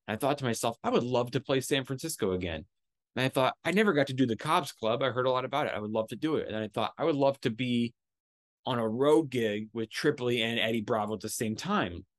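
A man's voice: medium pitch, dry recording. Casual storytelling man, dry close sound. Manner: animated, profane storytelling with acted-out quotes. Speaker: podcast host.

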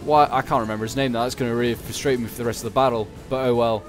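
A man's voice: mid-range voice, steady tone, racing, over music. A man giving casual, chatty commentary over a strategy game battle, thinking aloud with many fillers and restarts. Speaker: gaming commentator.

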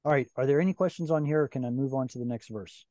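A man's voice: medium pitch, racing, warm tone, dry recording, lo-fi sound. Patient man teaching on a video call. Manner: patient, explanatory, quizzing students. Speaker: Hebrew teacher. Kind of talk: online class teaching.

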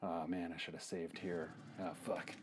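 A man's voice: deep voice, little pitch movement, normal speed, over music. A man playing a retro video game and commenting casually, trash-talking the enemies, cursing and joking to himself. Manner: trash-talking, swearing, jokey outbursts at the game. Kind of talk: casual let's-play commentary.

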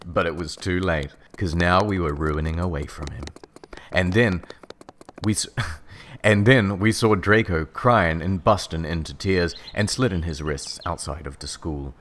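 A man doing a comedic dramatic reading as narrator, in a deadpan, mock-serious manner. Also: sits low, a little slow, a little hiss or hum.

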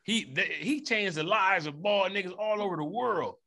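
Brief: male podcast co-host, slightly high, bright and forceful, profane joker. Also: normal speed. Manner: joking, profane, riffing on bits. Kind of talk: casual comedic debate chat.

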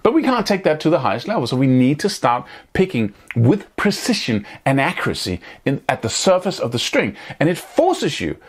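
A man's voice: fairly high pitch, normal speed, few pauses, husky. A man giving a guitar lesson, explaining picking technique and checking in with listeners as he goes. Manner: animated, hands-on, scats picking rhythms aloud; checks in often with "right?" and "wouldn't you say?". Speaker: guitar teacher.

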